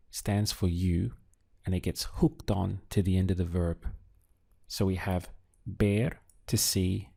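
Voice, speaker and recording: A man teaching a language lesson, speaking patiently in short phrases with pauses between them. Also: low-pitched, gravelly, mellow, slightly rough. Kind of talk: slow, clear language lesson.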